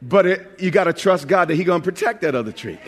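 A New York pastor preaches fast in a high, bright voice, joking and lively but stumbling over repeated words. His sermon rings out through a large church sanctuary with long, lingering reverb and a little hiss or hum.

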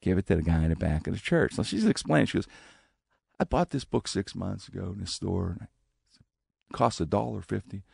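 A man with a low, gravelly voice tells a personal story in a relaxed, conversational way. His pitch rises and falls widely as he acts out the lines of the people in it, and the recording is dry and close. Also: normal speed, no room sound. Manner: animated, acts out quoted speech with big pitch jumps. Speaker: guest telling a personal story. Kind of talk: casual spoken storytelling.

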